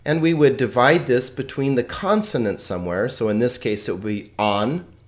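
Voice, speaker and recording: A teacher giving a video lesson on Greek pronunciation, joking and chuckling, slowing down to drill words one by one. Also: medium pitch. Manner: playful, chuckles at own jokes; slow, deliberate word-by-word pronunciation drills.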